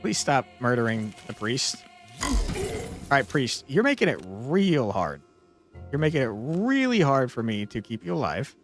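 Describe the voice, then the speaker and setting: A man streaming a tactical board game, commentating as he plays and often swearing and yelling at the game in frustration. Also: mid-range voice, wildly swooping pitch, a little slow, soft background music. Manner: exasperated, swears and yells at the game. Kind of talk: gameplay commentary.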